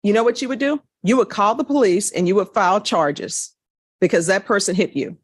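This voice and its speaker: A woman's voice: medium pitch, a little fast, no room sound, clean studio sound. A woman judge questioning a defendant in court, stern and lecturing.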